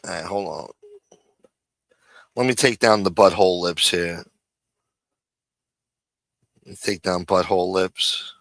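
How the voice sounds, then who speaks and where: A male stream host with a bright, forward voice recorded close and dry. He rambles through casual commentary, swearing freely and repeating phrases. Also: low-pitched, measured pace, creaky, pauses often, no echo. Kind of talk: profane casual commentary on clips.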